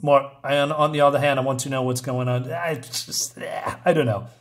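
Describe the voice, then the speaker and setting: A man's voice: mid-range voice, steady tone, normal speed, a little hiss or hum. A man hosting a channel, reading a comic aloud and reacting in a hesitant, filler-heavy, incredulous way. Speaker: channel host. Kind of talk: casual reading and reaction commentary.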